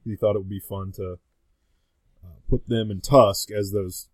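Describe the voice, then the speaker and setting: Brief: man, low voice, podcast guest, rambling casual talk, dry close sound. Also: fairly even intonation, a little slow, a little mellow, no room sound. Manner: rambling, full of fillers and restarts. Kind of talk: casual chat.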